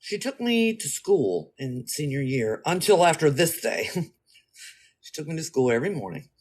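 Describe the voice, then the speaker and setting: A man talking casually, telling a story in an animated, slangy, rambling way and speaking straight to his listeners. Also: fairly high pitch, normal speed, slightly rough.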